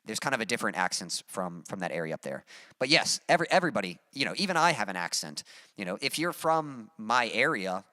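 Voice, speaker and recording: A man from Texas with a mild Texas accent, a musician chatting casually on a livestream and reading out his chat, relaxed and rambling with many fillers. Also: fairly low pitch, fast talker, dry recording, clean studio sound. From Texas, USA.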